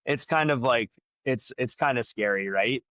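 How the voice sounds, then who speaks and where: A man talks frankly as a podcast guest and works through his opinions aloud, with plenty of fillers and restarts. His voice is bright and forceful. The sound is dry and close. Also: medium pitch, normal speed, clean tone, dry recording, rough recording. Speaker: jiu-jitsu black belt and academy owner, guest. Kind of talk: casual podcast conversation.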